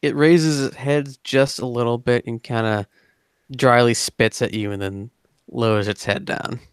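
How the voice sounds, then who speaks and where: A man narrating as game master of a tabletop game in a relaxed, casual way. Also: mid-range voice, measured pace, smooth, no echo, clean studio sound. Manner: relaxed, casual descriptions with fillers.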